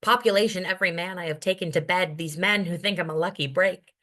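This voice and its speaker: A woman's voice: lowish voice, fast talker, a bit bright. A woman performing her spoken-word poetry as the featured poet at an open mic, in a rhythmic, rhyming, intense delivery. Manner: wry, self-deprecating asides between poems.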